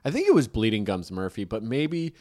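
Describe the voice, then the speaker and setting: A man's voice: lowish voice, wildly swooping pitch, fairly quick, warm tone. A man in casual podcast chat, rambling and joking, with frequent swearing. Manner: rambling, profane, jokey.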